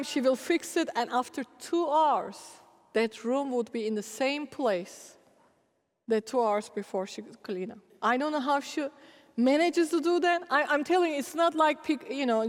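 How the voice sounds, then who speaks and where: A middle-aged woman preacher telling animated, laughing stories in a sermon. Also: sits high. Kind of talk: storytelling sermon. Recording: long hall reverb.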